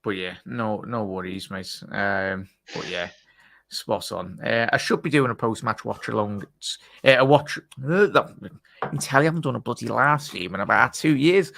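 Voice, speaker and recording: A man's voice: fairly low pitch, normal speed, gravelly, a bit bright. A man hosting a casual live stream, chatty and teasing as he reads out chat messages. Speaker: host.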